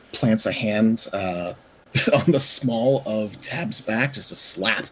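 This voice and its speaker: A man's voice: fairly low pitch, very slow, poor audio. A man playing a tabletop game, describing his character's actions and speaking in character in a playful, jokey way. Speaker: player. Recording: faint background noise.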